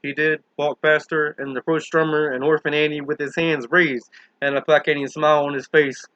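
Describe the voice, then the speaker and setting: A man narrates a thriller in a steady, earnest audiobook reading. His voice sits fairly high and sounds bright and forceful. The recording is dull and lo-fi with no room echo. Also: moderate pace. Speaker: audiobook reader.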